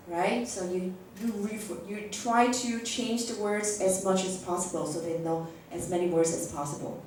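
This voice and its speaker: A woman's voice: mid-range voice, expressive, moderate pace, hardly any pauses, darkish tone, a little hiss or hum. A woman leading a workshop for teachers, acting out classroom phrases and often checking in with "okay?". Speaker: teacher trainer. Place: large echoey classroom. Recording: echoey room recorded from far off.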